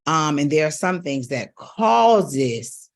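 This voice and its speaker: A middle-aged woman vocal coach giving an emphatic coaching talk straight to her audience, with sudden leaps up in pitch. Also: sing-song, slow.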